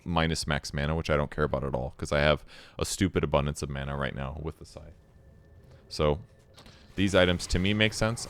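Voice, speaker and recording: A man with a very deep voice gives relaxed, casual replay commentary on his own game, explaining his choices while being self-critical. There is a little hiss or hum in the audio.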